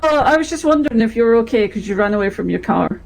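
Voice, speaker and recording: A woman's voice: a little high, expressive, quick pace, gravelly, poor audio. A woman role-playing in a video game, playful and giggly.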